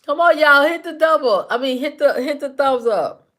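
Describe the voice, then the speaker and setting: A woman's voice: high-pitched, animated, normal speed, fairly bright tone. A woman hosting a casual live stream, talking back to her chat commenters by name with teasing, repetitive banter.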